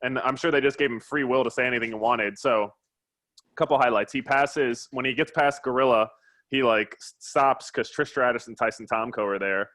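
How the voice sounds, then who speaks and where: A man at a middle pitch, co-hosting a casual chat. He retells a story with animated energy and acts out other people's lines, filling gaps with "like". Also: moderate pace. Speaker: podcast co-host.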